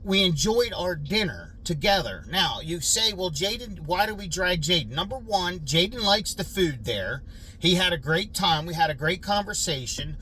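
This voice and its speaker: A man's voice: fairly high pitch, a bit bright, slight background noise. A middle-aged man vlogging from his farm outdoors on a handheld phone, talking earnestly and defensively to his viewers with plenty of fillers. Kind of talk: casual vlog talk to viewers.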